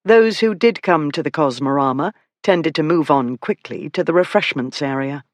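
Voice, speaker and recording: An audiobook narrator with a steady, mid-pitched storytelling read. The recording is close and dry, with no room sound at all. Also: moderate pace, dry recording. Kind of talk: scripted narration.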